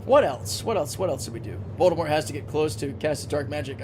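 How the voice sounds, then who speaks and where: A man's voice: fairly high pitch, expressive, fast, few pauses, darkish tone, slight background noise. A man live-streaming a game, chatting casually, thinking aloud and answering chat, with a recurring cough.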